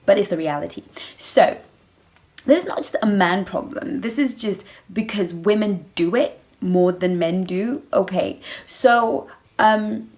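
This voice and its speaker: A woman vlogger chatting casually to camera about relationships, animated and sassy, acting out little scenes and calling her listeners girl. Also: mid-range voice, measured pace. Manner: animated, acts out little scenes with playful voices. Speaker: vlogger giving relationship advice.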